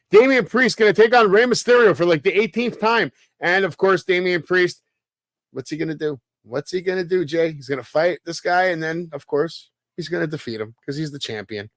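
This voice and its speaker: High-voiced man hosting a wrestling chat. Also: a bit bright, no echo. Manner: hype-driven, swearing, rhetorical questions. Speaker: podcast co-host. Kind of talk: casual wrestling podcast chat.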